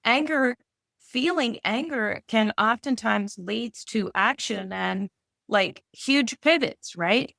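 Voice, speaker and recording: Earnest woman with gravelly fry. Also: on the high side, slow, pushed and bright, no room sound, studio quality. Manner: earnest, chatty, rambling. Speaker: mindset coach guest. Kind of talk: casual conversation.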